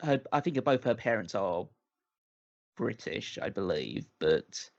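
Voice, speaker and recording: A man's voice: lowish voice, unhurried, vocal fry, highs cut off. A man co-hosting a casual movie-review podcast, rambling and restarting his sentences. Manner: rambling, restarts a lot, animated. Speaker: podcast co-host.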